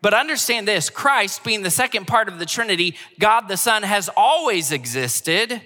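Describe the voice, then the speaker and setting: A man's voice: sits high, lively intonation, moderate pace, pushed and bright, big-room sound. A man preaching a sermon as pastor, earnestly repeating key phrases for emphasis.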